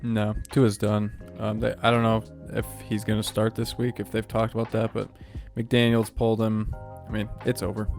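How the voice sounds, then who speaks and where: A man's voice: fairly low pitch, completely flat delivery, normal speed, vocal fry, darkish tone, faint music behind. A man co-hosting a sports betting podcast, giving short, agreeable replies in casual chat. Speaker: podcast co-host.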